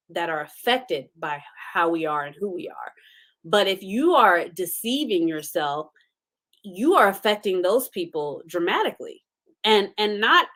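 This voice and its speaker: A woman's voice: lowish voice, a bit bright. A woman, maybe in her thirties, hosting a motivational faith talk. She speaks earnestly and preaches, asking pointed rhetorical questions. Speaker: host.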